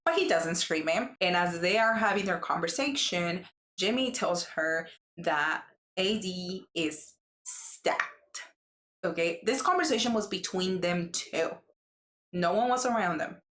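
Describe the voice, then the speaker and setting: A woman's voice: lowish voice, measured pace. Chatty woman recapping gossip, roomy echo. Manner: chatty, acts out quotes in lively voices. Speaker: recap vlogger.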